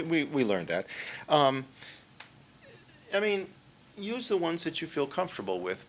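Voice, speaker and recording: A man's voice: mid-range voice, a bit bright, slight background noise. A man giving a conversational workshop talk on writing at a conference, often checking in with the audience. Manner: conversational, often ends points with "okay?". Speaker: conference speaker. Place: conference room.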